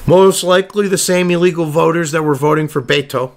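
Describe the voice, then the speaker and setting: A man's voice: on the high side, moderate pace, few pauses. A man giving profane political commentary, ranting sarcastically and reading news excerpts aloud between crude asides.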